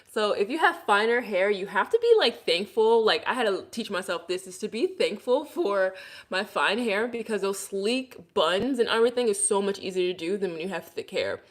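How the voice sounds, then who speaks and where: Speaking from an echoey room, a Brooklyn woman with a mid-range voice and the local accent chats with her livestream audience. She responds to viewers' comments by offering hair care tips.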